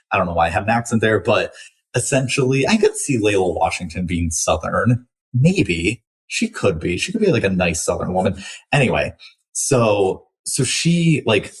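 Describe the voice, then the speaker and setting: Husky-voiced man reviewing a thriller. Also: low-pitched. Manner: chatty, many likes and restarts. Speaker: book podcast host. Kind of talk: casual book review monologue.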